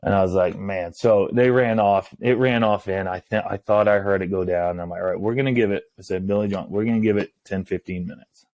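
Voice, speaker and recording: A man, a hunting guide, telling a story in casual talk, acting out the lines of others in a hushed voice. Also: lowish voice, brisk, no echo. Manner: animated, acts out quoted lines in a hushed voice.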